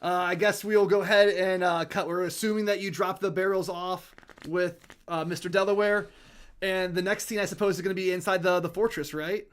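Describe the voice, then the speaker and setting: A man with a high voice narrates a tabletop game as its game master. He talks loosely and hesitantly, filling gaps with uh's and restarts. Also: brisk, clean tone. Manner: relaxed, hesitant narration with many fillers.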